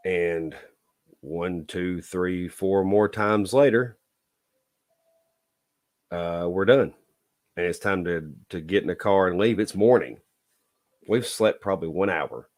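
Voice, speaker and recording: Guy, fairly low voice, blunt and folksy, keeps going "okay?" at you like a lecture. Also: slow pace, long pauses, darkish tone. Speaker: dating advice vlogger. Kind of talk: casual storytelling monologue.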